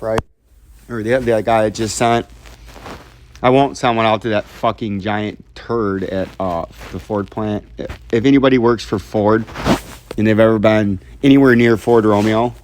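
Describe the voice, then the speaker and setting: Male crypto vlogger, lowish voice, rambling and profane. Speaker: crypto vlog host. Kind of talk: casual rambling vlog commentary.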